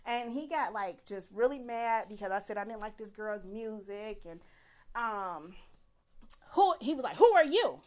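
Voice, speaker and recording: A woman casually recounting a bad date in an animated, profane way, with laughs breaking into her telling. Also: medium pitch, normal speed. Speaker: storyteller. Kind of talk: casual storytime monologue.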